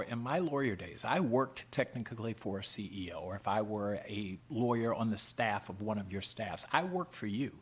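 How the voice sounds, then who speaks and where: A middle-aged man testifies before a committee with earnest conviction, driving his points home in short, punchy statements. His voice sits fairly low and carries a husky edge. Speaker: head of a professional HR association testifying.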